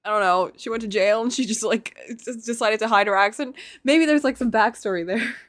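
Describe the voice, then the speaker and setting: A woman's voice: a little high, a little fast, dry recording, clean studio sound. A woman streaming a game, chatting casually and joking with frequent giggles. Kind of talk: casual live-stream commentary. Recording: game music behind.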